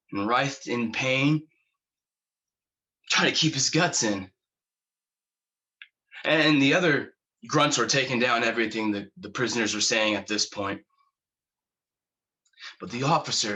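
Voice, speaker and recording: An actor playing a haunted male war veteran, telling his story slowly and haltingly, stumbling over repeated words. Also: on the low side, sharp tone, rough recording. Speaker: actor performing a monologue. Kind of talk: dramatic monologue.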